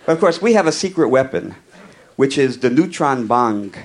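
A man's voice: mid-range voice, moderate pace, a little hiss or hum. Wry man telling a comic story. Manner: wry, conversational, with deadpan asides. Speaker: comedian. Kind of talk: storytelling comedy monologue.

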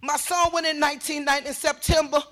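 An older woman gives personal testimony with a high, piercing voice. She speaks emphatically and circles back over the same words. Her voice often climbs into shouting. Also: steady tone, quick pace. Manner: emphatic, repetitive, voice rising to shouts. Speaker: mother giving testimony.

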